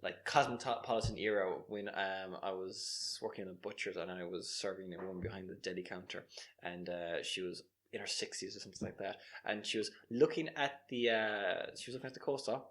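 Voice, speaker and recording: A man's voice: deep voice, fairly even intonation, brisk, a bit bright. A man, co-hosting a podcast in casual chat, making his points emphatically with "all right?" and digressions. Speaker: podcast co-host.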